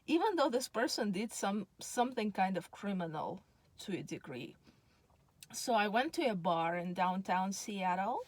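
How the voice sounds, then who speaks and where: A woman tells a personal story in a loose, rambling way, filling pauses with ums. Her voice sits at an ordinary middle pitch and sounds a little tired. The recording is close and dry, with no room sound. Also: lively intonation, dry recording. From Russia. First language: Russian. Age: 30s. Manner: chatty, meandering, with many ums and laughs. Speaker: psychologist telling a personal story. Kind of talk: casual storytelling monologue.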